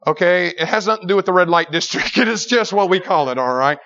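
Animated preacher man, dull recording. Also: high voice, quick pace. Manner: animated, emphatic, repeats words while building a story. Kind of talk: storytelling sermon.

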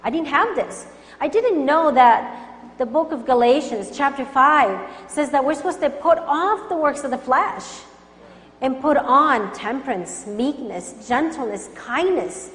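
A woman's voice: sits high, animated, a little slow, a bit bright. A woman from Colombia giving an earnest testimony sermon, urging her listeners with conviction. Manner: earnest, urgent exhortation. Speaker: Christian speaker. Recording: echoey hall with faint hum.

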